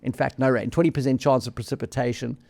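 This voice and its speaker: A man's voice: mid-range voice, fairly even intonation, fast, creaky, warm tone. A man co-hosting a rugby podcast, chatty and easygoing, often tacking on "mate". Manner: chatty, keeps saying mate. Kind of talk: casual sports chat.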